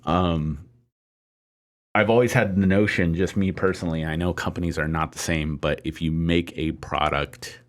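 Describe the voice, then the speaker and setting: A man with a very low voice chatting on a gaming podcast. He talks slowly and thinks out loud, with plenty of ums and restarts along the way. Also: fairly even intonation. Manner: hesitant, lots of ums and restarts, measured. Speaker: podcast co-host. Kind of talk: casual podcast discussion.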